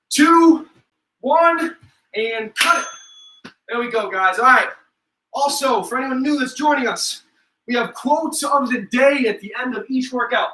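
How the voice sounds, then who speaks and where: A young man coaches a home workout in a high, very bright voice, counting down sets and joking between them. He sounds set back from the mic in an echoey room. Faint noise runs behind him. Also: far from the mic. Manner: upbeat, joking, counts reps aloud. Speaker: fitness instructor.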